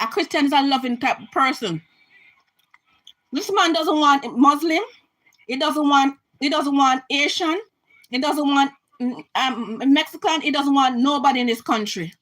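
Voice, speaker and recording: A woman's voice: high voice, a bit bright, low-quality recording. A Jamaican woman giving an impassioned political rant to her camera, emphatic and repetitive, often restarting her sentences. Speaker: vlogger.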